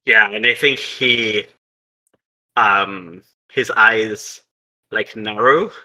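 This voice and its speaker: A man's voice: fairly low pitch, drawn-out words, pushed and bright, low-quality recording. A man narrating as game master of a tabletop game in a casual way, with many ums and restarts.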